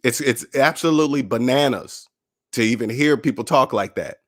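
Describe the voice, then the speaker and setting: A man's voice: medium pitch, normal speed. A man hosting his own personal finance channel, talking casually and motivationally, acting out other people's voices in his stories. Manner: animated, acts out others' voices in quotes.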